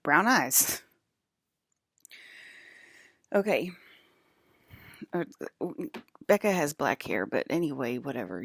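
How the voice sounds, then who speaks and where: A young woman talks to her stream chat in a low register with a gravelly, fry-heavy edge. She rambles from thought to thought, laughs often and trips over her own restarts. The sound is dry and close, with no room around it. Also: fairly bright tone, dry recording. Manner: giggly, rambling, full of fillers and restarts. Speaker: livestreamer talking to chat. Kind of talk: rambling casual monologue.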